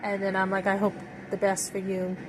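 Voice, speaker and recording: A woman's voice: medium pitch, monotone, fairly quick. A middle-aged woman in a rambling personal monologue, full of fillers and restarts. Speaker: vlogger. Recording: noisy background.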